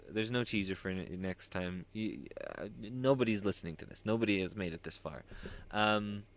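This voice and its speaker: A man's voice: lowish voice, a bit bright, smooth. A man hosting a solo podcast, talking in a rambling, self-interrupting way with wry asides. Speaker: podcast host.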